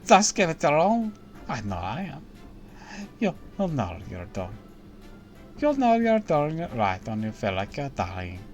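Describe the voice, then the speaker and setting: A man's voice: a little high, wildly swooping pitch, unhurried, pauses often, faint music behind, pitched above the performer's own voice. A man voicing a frazzled, sleepless manga artist on deadline in a game, reading the lines aloud on a stream in a brash, bossy way. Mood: fired up.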